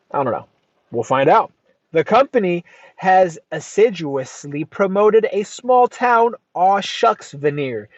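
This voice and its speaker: American male podcast host, slightly high voice, reads a business book aloud with asides; dry, dull, lo-fi sound. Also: no room sound. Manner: deliberate reading, says "quote" aloud before quotations. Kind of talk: reading a nonfiction book aloud with commentary.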